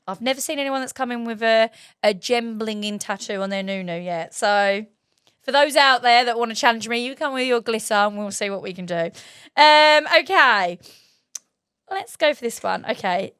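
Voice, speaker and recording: A woman's voice: fairly high pitch, moderate pace, clear, resonant tone, no echo, clean studio sound. Giggly woman telling stories. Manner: giggly animated storytelling. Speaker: host and waxing trainer. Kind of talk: casual chat.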